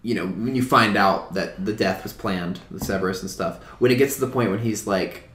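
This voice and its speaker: A man in casual chat as co-host, talking in an animated way, repeating himself and swearing freely. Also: lowish voice, a little fast, a little hiss or hum. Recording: echoey room.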